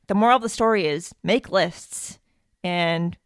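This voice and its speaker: A woman hosts a podcast in casual chat. Her voice sits a little low, and she rambles with plenty of fillers and easy laughs. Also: measured pace, clean tone, dry recording, clean studio sound. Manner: chatty, laughs often, many fillers. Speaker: podcast host.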